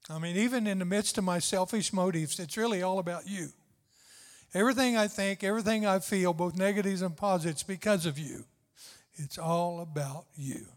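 A man's voice: high voice, a little fast. An older man preaching a sermon with fervent, tender, repetitive emphasis. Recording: long hall reverb.

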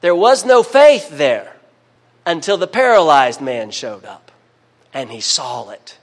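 A man preaching a sermon, emphatic, calling for amens and dropping to a hush between louder bursts. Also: mid-range voice, gravelly. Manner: emphatic preaching with call-and-response amens, swings between loud and hushed.

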